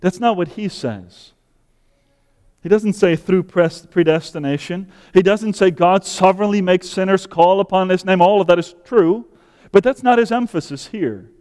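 A male pastor preaching a sermon in measured phrases, often asking rhetorical questions. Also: sits high, a little mellow, smooth, big-room sound.

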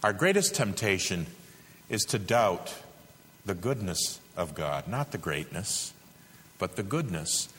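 A man preaching a sermon, with dramatic rises to loud peaks and drops to a hush. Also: sits low, sing-song, slow pace, a little hiss or hum. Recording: reverberant hall.

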